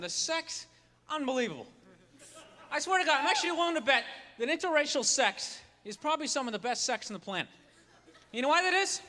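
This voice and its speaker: Male stand-up comic, shrill ranting delivery, live club reverb with audience. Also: noisy background. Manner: ranting, animated, acts out bits. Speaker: stand-up comedian. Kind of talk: stand-up comedy set. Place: comedy club stage with audience.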